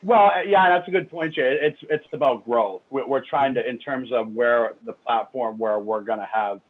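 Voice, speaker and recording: A man co-hosting a radio talk show, chatting excitably with large jumps in pitch. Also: moderate pace. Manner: excitable, with big swings in pitch. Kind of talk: casual talk-show chat. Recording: phone-line call-in audio.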